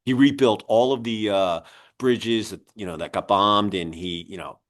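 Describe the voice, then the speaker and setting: Speaking at a normal speed in a low-leaning voice with fairly even intonation, this sixty-something podcast host and magazine publisher rambles through anecdotes packed with fillers. The setting is a casual storytelling interview on his business podcast.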